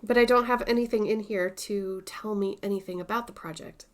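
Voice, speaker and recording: Her tone stays steady and her voice is mid-range as she walks viewers through her stitching projects. It's a leisurely, talkative show-and-tell from a woman vlogger, with gentle asides along the way.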